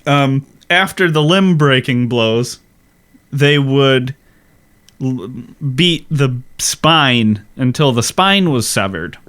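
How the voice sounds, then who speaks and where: A man co-hosts a casual history podcast, explaining details slowly and deliberately. His voice is smooth and clear at a mid pitch. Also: animated, a bit bright. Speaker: podcast co-host.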